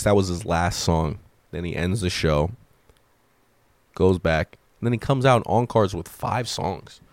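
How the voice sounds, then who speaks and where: A man's voice: on the low side, darkish tone. A man in his thirties hosts his own podcast from home, talking in a loose and rambling way. His stories carry self-deprecating jokes. The sound is dry and close, with no room echo. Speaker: podcast host and stand-up comedian. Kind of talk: casual comedic storytelling.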